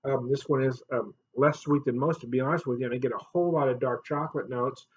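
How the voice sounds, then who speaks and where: A man hosting a casual beer review vlog, chatty and jokey, laughing often and swinging up loud and high. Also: fairly even intonation, quick pace, dull audio, slight background noise.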